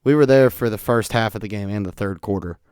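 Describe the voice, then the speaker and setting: Smooth-voiced guy telling stories. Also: lowish voice, fast talker, dry recording, clean studio sound. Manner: animated, swings between loud outbursts and quiet asides. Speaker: podcast host. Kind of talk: casual storytelling monologue.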